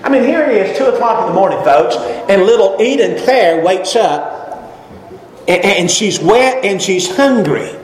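A high-voiced preacher in his fifties delivers a folksy, emphatic sermon, his voice climbing on each exclamation. He is heard in a roomy church sanctuary with long reverb and faint room ambience. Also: animated, a little slow. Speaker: pastor.

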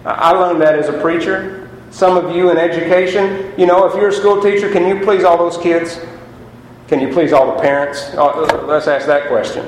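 A man preaching a sermon as pastor, chatty and lively, asking the congregation rhetorical questions. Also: a little high, moderate pace, a little hiss or hum. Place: church sanctuary. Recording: echoey hall.

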